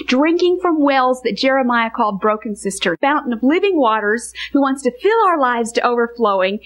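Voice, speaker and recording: Woman, Bible teacher, bright high voice, earnest sermon delivery with weighty pauses. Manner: earnest, emphatic, slows on key phrases. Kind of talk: teaching message to women.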